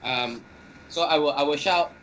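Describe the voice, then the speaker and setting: A man's voice: a little high, moderate pace, fairly bright tone, slight background noise. A man playing in a tabletop wrestling game, hesitant and stammering as he describes his moves. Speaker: player. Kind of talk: tabletop role-play chat.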